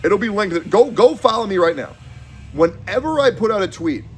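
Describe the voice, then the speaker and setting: A young adult man streaming a heated, profane rant, swinging between shouting and low muttering. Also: sing-song, moderate pace.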